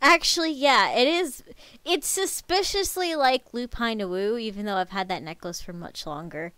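Woman streamer, fairly high voice, animated and chatty, dry close mic. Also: moderate pace, clean tone, no echo. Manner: animated, chatty storytelling with laughs. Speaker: streamer host. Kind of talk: casual chat on a live stream.

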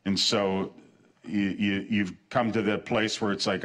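A man's voice: lowish voice, flat delivery, unhurried, fairly bright tone. A man preaching a sermon as pastor, earnest, repeating short phrases for emphasis and restarting his sentences. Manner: stumbles and restarts mid-sentence.

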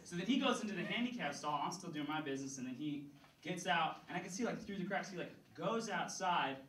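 A young man tells rambling, self-deprecating stand-up stories and keeps breaking into laughter at his own jokes. His voice sits high for a man. He is picked up from a distance in a roomy, echoing space with loud noise underneath. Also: expressive, quick pace. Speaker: stand-up comedian. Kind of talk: stand-up storytelling. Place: comedy venue stage.

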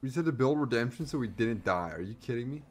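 A man giving excited, rambling live commentary over his game stream, breathless and repeating himself. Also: mid-range voice, quick pace, soft background music.

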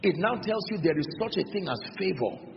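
A man's voice: high-pitched, animated, brisk, creaky. A Nigerian pastor preaching a sermon to his congregation, building emphasis through repeated phrases and questions to the crowd. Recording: dull lo-fi recording in a large reverberant hall with faint noise.

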